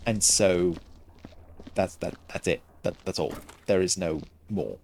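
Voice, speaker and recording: A man giving casual gameplay commentary into a headset, pausing often to find the next word. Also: low voice, gravelly, background noise. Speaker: gaming streamer.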